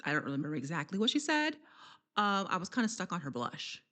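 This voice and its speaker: A woman giving a casual, chatty wrestling recap vlog, laughing often and filling pauses with slang and ums. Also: on the low side, sing-song, sharp tone.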